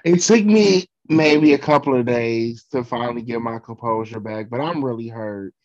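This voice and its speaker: A man's voice: mid-range voice, normal speed, darkish tone, no echo, dull audio. A man from Ohio, talking in an emotional, effusive way with casual swearing during a chat.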